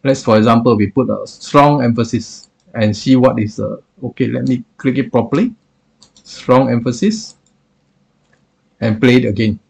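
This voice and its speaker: A man reviewing software in a screen-recorded tutorial, explaining with many hesitations and filler phrases. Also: mid-range voice, normal speed, vocal fry, husky.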